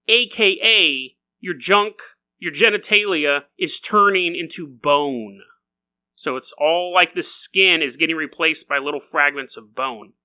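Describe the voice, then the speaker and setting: A man hosting a podcast, telling stories in a goofy, animated comedic monologue and often laughing as he talks. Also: sits high. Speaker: podcast host.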